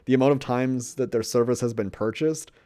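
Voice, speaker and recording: A man co-hosting a podcast in casual chat, rambling through stories, laughing often and trailing off quietly. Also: mid-range voice, fairly quick. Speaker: podcast co-host.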